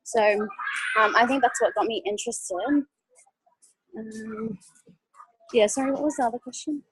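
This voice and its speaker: A woman's voice: fairly high pitch, normal speed, fairly bright tone, husky, no echo, low-quality recording. A young woman giving a nervous testimonial over a video call, hesitant and full of ums and likes. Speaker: guest speaker.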